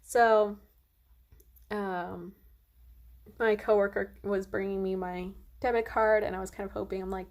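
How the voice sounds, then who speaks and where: A woman's voice: medium pitch, fairly even intonation, measured pace, long pauses, a little mellow. A young woman vlogger telling a long personal story in a casual, rambling way, full of fillers and "like".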